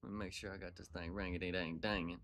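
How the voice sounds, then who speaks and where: A man's voice: sits low, flat delivery, fast, a bit bright. A man hosting a casual livestream chat, greeting viewers by name in slangy, laid-back banter and laughing often. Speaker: livestream host.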